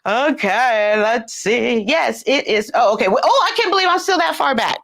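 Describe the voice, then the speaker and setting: A woman's voice: moderate pace, vocal fry. Chatty Southern woman livestreaming. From California. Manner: chatty, laughs often, animated pitch jumps. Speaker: livestream host. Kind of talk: casual livestream chat.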